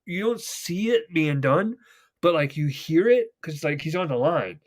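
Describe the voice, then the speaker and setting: A young man with a somewhat high voice talks loosely and at length. He rambles through retold TV scenes, swearing freely in casual podcast chat. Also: lively intonation, unhurried. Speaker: podcast host.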